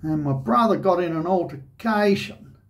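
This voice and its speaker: An Australian man who hosts a shaving channel tells a personal story in a high-pitched voice at a moderate pace. He rambles conversationally, saying "you know" a lot.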